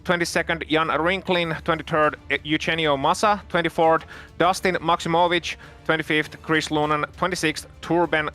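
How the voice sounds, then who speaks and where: A man's voice: fairly high pitch, little pitch movement, moderate pace, sharp tone, soft background music. A man co-commentating a sim racing broadcast in a chatty, playful way, listing drivers and positions.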